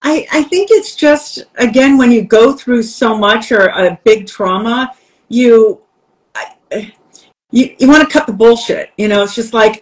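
A woman's voice: a little high, a little slow, low-quality recording. A woman, a podcast guest and coach, candidly telling stories in conversation and acting out the voices she quotes. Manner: lively, acts out quoted voices, laughs while telling.

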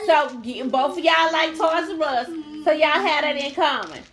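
A woman's voice: high voice, moderate pace. A woman scolding two children in a casual home video, stern and half laughing. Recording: loud background noise.

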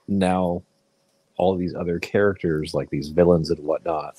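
A man co-hosting a casual movie podcast, swearing freely and restarting his sentences. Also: low-pitched. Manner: profane, excitable, trailing restarts. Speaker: podcast co-host.

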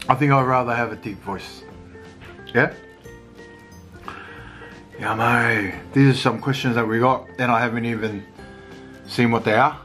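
A man's voice: mid-range voice, slow pace, pauses often, fairly bright tone, faint music behind. A man chatting casually at home as a family vlogger, eating and laughing between bites. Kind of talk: casual mukbang chat.

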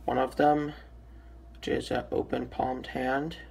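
Raspy, gravelly-voiced young man. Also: mid-range voice, level tone, takes it slowly, a little mellow. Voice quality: raspy, just woke up. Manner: hesitant, many ums and restarts. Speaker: toy reviewer. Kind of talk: casual product review.

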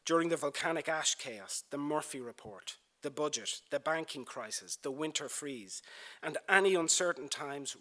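A man delivering a prepared lecture in a university theatre, building his points through measured rhetorical lists and repetition. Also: a little high, bright, forceful tone. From Ireland. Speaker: broadcasting executive giving a lecture. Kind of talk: formal prepared speech.

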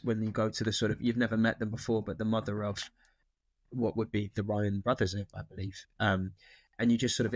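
A man chats as an interview guest, his voice sitting low and recorded close and dry. He wanders through his thoughts, restarting sentences as he goes. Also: no echo. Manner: thoughtful, rambling with many restarts. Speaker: actor guest. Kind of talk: casual interview chat.

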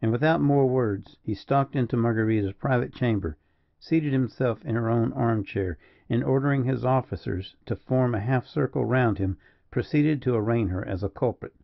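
A man giving a measured, dramatic audiobook narration. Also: medium pitch, creaky, lo-fi sound. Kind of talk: scripted narration.

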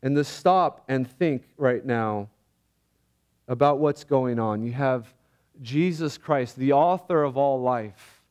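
A pastor preaching a sermon, earnest and reflective, often pausing and halting as he speaks. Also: medium pitch, darkish tone, smooth. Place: church.

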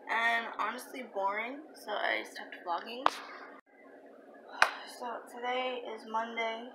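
A young woman chats to her viewers at home in a casual vlog, often pausing to hunt for the right word. She talks at a slow, easy pace in a somewhat high voice. A clear hum of household noise sits behind her. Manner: chatty, trails off searching for words. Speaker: vlogger. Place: home, kitchen. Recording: noisy home ambience.

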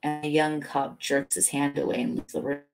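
A woman reading a novel aloud as a bedtime story, steady and low-key. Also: moderate pace. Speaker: audiobook reader.

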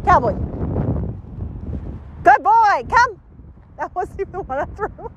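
Upbeat woman trainer working a dog outdoors; high, animated voice with faint background noise. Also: dull audio. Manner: upbeat, giving quick commands and praise to a dog. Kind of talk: commentary during a dog training session. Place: outdoors near trees.

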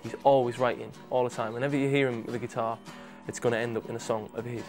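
A man's voice: medium pitch, fairly even intonation, fast talker, a little mellow, soft background music. A man in an interview, telling stories about recording in an enthusiastic, rambling way. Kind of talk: casual interview chat.

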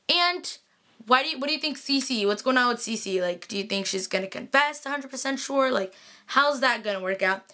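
A young woman talks straight to her viewers in a breathless, gushing fangirl recap, sighing between thoughts and leaning on fillers. Her voice sits a little high and rings with a bright, sharp edge. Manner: gushing, sighing fangirl talk full of "like" and "freaking". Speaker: TV recap vlogger. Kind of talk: casual excited recap chat to viewers.

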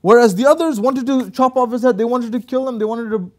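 A man's voice: very high voice, brisk. A man on a religious talk show, telling stories in an emphatic, preaching way. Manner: storytelling preacher, animated and emphatic. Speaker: guest speaker.

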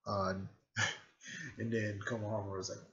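A man with a fairly low voice talks through a story recap in a loose, meandering way, stopping for fillers and repeated throat clearing. The recording is dull and lo-fi. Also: steady tone, pushed and bright. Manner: halting, full of fillers and frequent throat clearing. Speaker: video creator recapping a fan series. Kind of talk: rambling casual recap.

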